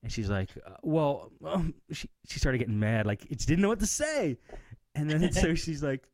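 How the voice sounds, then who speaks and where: A man's voice: on the high side, big pitch swings, moderate pace, a little mellow, no echo, studio quality. A man co-hosting a casual late-night tech podcast, telling a story and acting out both sides of a phone call. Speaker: podcast co-host.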